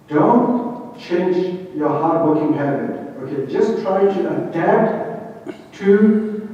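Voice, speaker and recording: A man's voice: fairly high pitch, darkish tone. A middle-aged man with a Chinese accent gives a talk to an audience, telling work stories and asking rhetorical questions. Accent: Chinese-accented English. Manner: anecdotal, quotes his bosses, rhetorical questions. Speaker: conference speaker. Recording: distant, echoey hall, dull lo-fi sound.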